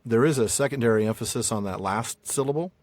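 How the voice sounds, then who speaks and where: A man's voice: medium pitch, fast talker, darkish tone, dry recording. An American man hosting a podcast, explaining things in a casual discussion with frequent fillers. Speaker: podcast host.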